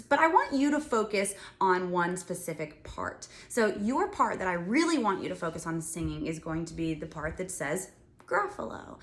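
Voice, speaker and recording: A woman music teacher giving a children's music lesson, talking straight to the kids in a bright, encouraging way. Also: mid-range voice.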